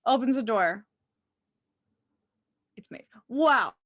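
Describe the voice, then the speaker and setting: A woman co-hosting a casual TV episode discussion, animated and gushing, often exclaiming and trailing off. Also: fairly high pitch, slow pace, dry recording, studio quality. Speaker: co-host.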